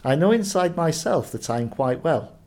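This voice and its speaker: A man voicing a calm, determined lotus sprout in a storybook reading. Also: fairly high pitch, normal speed, pitched above the performer's own voice. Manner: calm, earnest.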